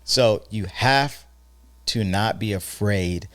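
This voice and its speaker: Married guy on a podcast, lowish voice, earnest and animated, restarts a lot, dry close mic. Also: takes it slowly, no echo. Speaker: podcast co-host. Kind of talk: casual chat.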